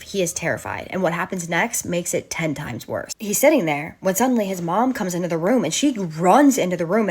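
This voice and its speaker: A woman's voice: fairly low pitch, slightly rough. A woman host narrating an eerie true story with dramatic build and gushing asides to her viewers.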